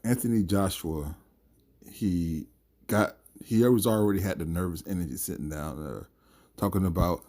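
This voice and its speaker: Low mellow-voiced man ranting about boxing. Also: normal speed. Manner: opinionated, emphatic, rambling with fillers. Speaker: boxing commentator. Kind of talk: opinion vlog commentary.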